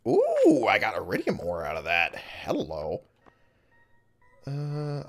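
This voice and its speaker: A man's voice: medium pitch, wildly swooping pitch, slow pace, vocal fry, a bit bright, slight background noise. A man giving casual let's-play commentary, chatting to himself as he plays. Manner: chatty, talks to himself while playing. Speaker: gaming video host. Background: game music.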